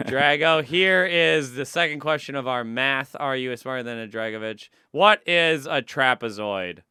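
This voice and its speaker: Teasing Minnesota-accented man, bright and crisp. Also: mid-range voice, a little slow, no room sound, studio quality. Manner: teasing, quizzing, mock-pompous. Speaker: podcast co-host. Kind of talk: casual podcast banter.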